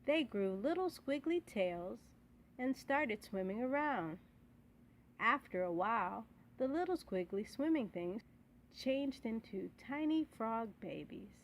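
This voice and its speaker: A woman reading children's bedtime stories aloud in a clear, expressive way. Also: a little high, slow pace, slight background noise. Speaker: storyteller.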